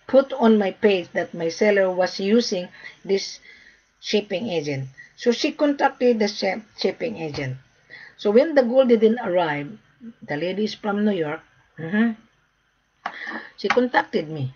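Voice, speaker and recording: Husky woman scolding her viewers. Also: mid-range voice, animated, a little slow, darkish tone, highs cut off. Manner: scolding, emphatic and repetitive. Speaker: gold trader. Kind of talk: casual vlog monologue.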